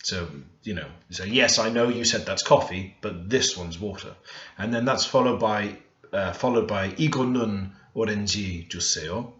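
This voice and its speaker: Man, low-pitched, deliberate tutor who thinks aloud, dull roomy home recording. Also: sharp tone. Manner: unhurried, thinking aloud while typing. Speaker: language learner teaching Korean. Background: keyboard typing and clicks.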